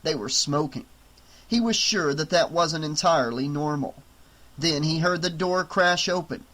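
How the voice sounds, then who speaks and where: A man narrating an audiobook in a steady, even storytelling voice. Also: fairly high pitch, normal speed.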